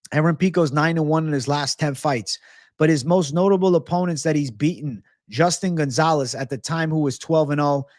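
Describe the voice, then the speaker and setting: Male livestream host, fairly high voice, brash and profane, dry close mic. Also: no echo. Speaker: MMA betting livestream host. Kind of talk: livestream fight predictions.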